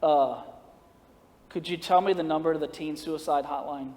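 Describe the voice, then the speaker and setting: A man voicing a despairing teenage boy on the phone, mumbling low and flat. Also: normal speed, natural voice. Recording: long reverb of a church hall.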